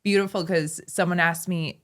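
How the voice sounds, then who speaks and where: A woman speaking as a podcast guest, earnest and grateful, with soft affirmations. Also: fairly low pitch, steady tone, normal speed. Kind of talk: casual podcast conversation.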